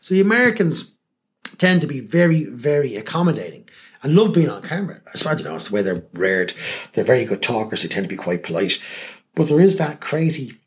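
A man's voice: mid-range voice, sing-song, brisk. A man telling stories in a casual interview, acting out the people he quotes and swearing freely. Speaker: guest, television presenter. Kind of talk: casual anecdotal interview talk.

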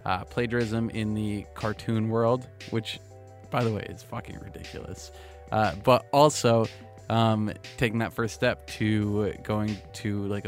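Man, podcast co-host, lowish voice, joking banter, faint music underneath. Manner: loose, joking, quick banter. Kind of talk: casual podcast chat.

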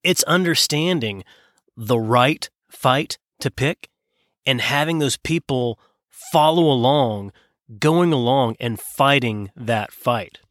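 A man hosting a business podcast, telling a story with emphatic beats and pauses. His voice sits at an ordinary middle pitch. The sound is dry and close, with no room around it. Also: a bit bright, no echo. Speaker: podcast host. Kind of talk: scripted podcast intro monologue.

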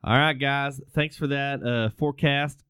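A man's voice: medium pitch, steady tone, unhurried, fairly bright tone, clear, resonant tone, soft background music. A man hosting a casual podcast, joking and self-deprecating, often stumbling over his words. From Texas, United States. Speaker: podcast host.

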